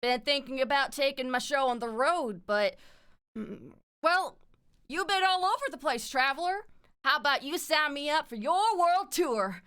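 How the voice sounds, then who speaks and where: A woman voicing a brash, tomboyish young rocker woman with a swaggering, loud delivery. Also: sits high, expressive, moderate pace, pitched above the performer's own voice. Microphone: streaming mic.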